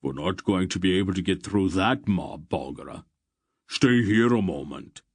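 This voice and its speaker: A man doing a big gruff warrior. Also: sits low, normal speed, no echo, studio quality. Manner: gruff, growling. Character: big gruff male warrior, grim and blunt.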